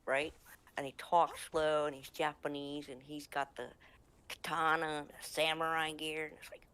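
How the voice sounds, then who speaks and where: A woman's voice: sits low, fairly even intonation, a little slow, a bit bright. A woman from the United States telling a funny gaming anecdote in casual chat, laughing often. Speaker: storyteller.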